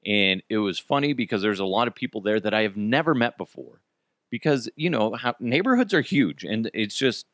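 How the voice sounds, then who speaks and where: A man's voice: fairly low pitch, animated, brisk, fairly bright tone, no room sound, clean studio sound. A man in his thirties hosting a podcast, telling a story in a rambling, self-deprecating way and swearing freely. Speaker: podcast host. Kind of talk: casual storytelling monologue.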